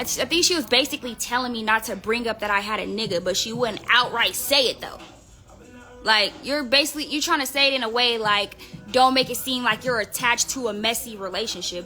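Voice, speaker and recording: A woman's voice: on the high side, pushed and bright. A woman telling gossip on a live stream in a casual, profane, rambling way, full of fillers. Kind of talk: casual storytelling rant.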